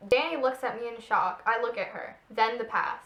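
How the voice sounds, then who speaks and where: A woman's voice: a little high, normal speed, sharp tone, a little hiss or hum. A young woman reading her own childhood fan fiction aloud and mocking it, giggling between lines. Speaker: co-host. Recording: echoey room.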